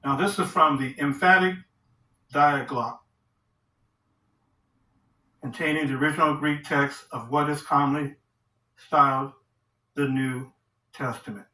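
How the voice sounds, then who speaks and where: A man teaching from the Bible in a sermon, reading verses aloud slowly and asking rhetorical questions. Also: a little high, fairly even intonation, sharp tone. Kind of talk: scripture study sermon. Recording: roomy echo, distant from the mic.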